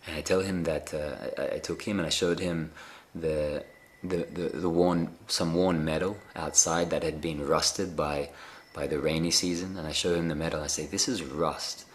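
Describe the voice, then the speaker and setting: A man giving a gentle, unhurried spiritual talk on a live video call, often pausing with fillers and restarting his sentences. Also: very deep voice, fairly even intonation. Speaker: spiritual teacher.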